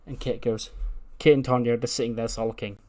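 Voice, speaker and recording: A man's voice: mid-range voice, steady tone, a little fast, dark tone. A man telling the story of a wrestling game in a loose, casual way, rambling, laughing and swearing as he goes. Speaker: let's play host.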